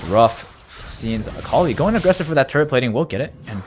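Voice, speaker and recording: A man doing live play-by-play commentary of an esports match, getting loud and excited during big plays. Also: medium pitch, fast, soft background music.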